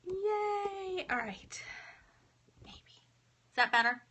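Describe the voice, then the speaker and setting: A bright, high-pitched woman in her thirties chats bubbly and fast with her live viewers. She calls out names one after another and talks on a phone or tablet mic in her home office. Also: expressive. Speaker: livestream host. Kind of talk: casual live-stream chat greeting viewers.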